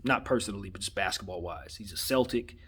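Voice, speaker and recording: A man's voice: lowish voice, quick pace, a bit bright, a little hiss or hum. A man from Los Angeles giving his opinion in a casual monologue, conversational and slangy, often repeating himself for emphasis. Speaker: vlogger giving sports opinion.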